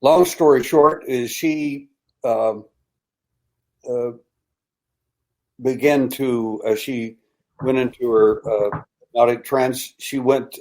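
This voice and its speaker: Older man telling a hushed tale. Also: medium pitch, low-quality recording. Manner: halting, hushed dramatic storytelling. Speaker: interview guest, abduction researcher. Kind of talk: storytelling in a podcast interview.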